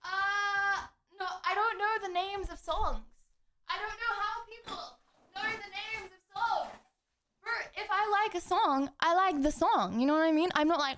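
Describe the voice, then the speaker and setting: A woman's voice: very high voice, unhurried, pushed and bright. A young woman livestreaming from home, chatting casually while reading chat messages, giggling and cutting herself off mid-sentence. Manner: chatty, giggly, self-interrupting.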